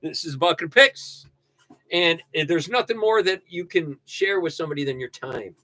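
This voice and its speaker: An older man hosting a casual livestream, ranting and joking with sudden loud outbursts. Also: a little high, animated, moderate pace, no room sound. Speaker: livestream host. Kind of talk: casual livestream rant and sign-off.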